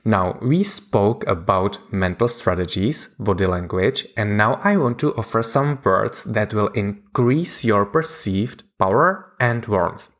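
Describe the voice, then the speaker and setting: In a lowish voice, a man narrates a scripted lesson in the manner of a communication coach. He speaks slowly and deliberately with pauses between points, and his pitch shifts a lot from phrase to phrase, sounding expressive and a bit bright.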